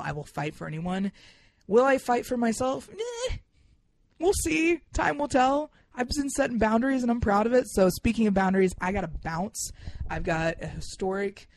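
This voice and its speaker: A young man hosting a podcast in a casual monologue, emphatic and heartfelt, swearing freely and swinging into excited bursts. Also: on the high side. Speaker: podcast host.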